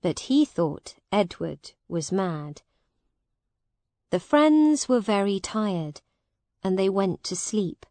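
Woman narrator for a graded reader: very slow, clear, melodic, dry close sound. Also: medium pitch, animated, mellow, no echo.

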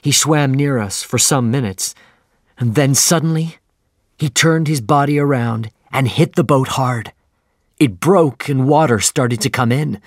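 A male narrator reads a story at an unhurried, measured pace. His voice carries a gravelly edge and sounds dry and close to the mic. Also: mid-range voice, dry recording. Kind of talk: scripted audiobook narration.

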